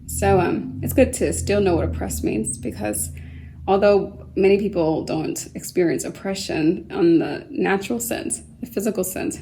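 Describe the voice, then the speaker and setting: A woman teaching a kindergarten vocabulary lesson at home, speaking slowly and patiently, spelling words out letter by letter and asking the children gentle questions. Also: lowish voice, music in the background, poor audio. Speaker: homeschool teacher.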